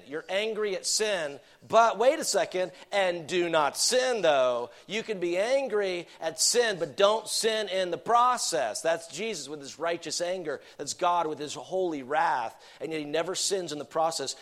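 A man preaching a sermon, reading scripture verses aloud and explaining them, rising to emphatic points and dropping to soft low asides. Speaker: pastor.

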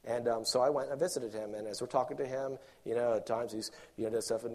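A man preaching a sermon with passion, rising to loud emphatic peaks and dropping to quiet asides, acting out imagined objectors. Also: medium pitch, moderate pace. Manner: acts out imagined objectors in quoted voices.

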